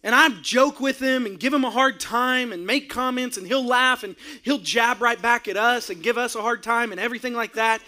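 A middle-aged male pastor preaching with an animated storytelling sermon, acting out his own outbursts with shouts and laughter. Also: extremely high pitch, moderate pace, few pauses.

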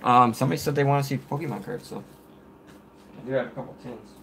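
A man with a gravelly, creaky voice chats loosely on a home live stream, trailing off with plenty of fillers. A faint hiss sits under the sound. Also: mid-range voice, quick pace. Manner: relaxed, rambling, filler-heavy. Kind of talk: casual live-stream chat.

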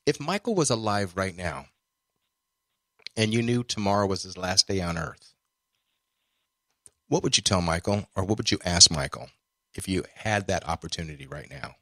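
A man's voice: deep voice, lively intonation, normal speed, pauses often, no room sound, studio quality. A man hosting a podcast interview, effusive and full of praise, calling his guest brother. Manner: effusive, warm-hearted praise, says brother. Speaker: podcast host.

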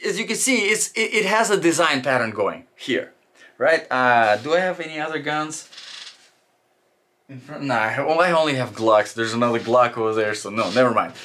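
A man's voice: medium pitch, expressive, normal speed, bright, forceful tone. A man giving a casual instructional talk as a shooting instructor, loose and chatty with fillers and restarts.

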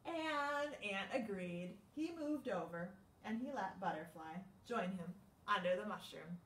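A young woman librarian reading a picture book aloud at a livestreamed storytime, slow and sing-song with gasps of surprise. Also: medium pitch, expressive, a bit bright. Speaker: children's librarian. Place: library room. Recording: echoey room, mic far off.

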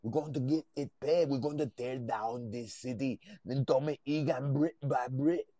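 A man's voice: mid-range voice, warm tone, dry recording, lightly acted. A man doing a menacing crime boss. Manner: threatening, slow and boastful. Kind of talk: playful impression during a live stream.

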